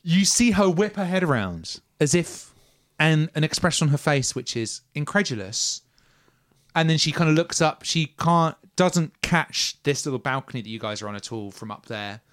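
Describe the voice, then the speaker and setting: A man's voice: on the high side, lively intonation, moderate pace, fairly bright tone, no room sound, clean studio sound. A man acting as game master, narrating scenes to his players and asking them for dice rolls.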